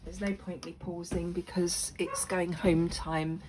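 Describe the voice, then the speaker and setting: A woman's voice: fairly low pitch, level tone, unhurried, very noisy. A woman recovering from a cough, chatting casually in her home craft room, apologetic, with many ums. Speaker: crafting vlogger. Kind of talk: casual chat.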